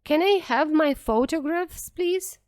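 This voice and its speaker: A woman's voice: high voice, a little slow, a little mellow, pitched above the performer's own voice. A woman voicing a stubborn, angry old village man in a story read for learners, insistent and demanding.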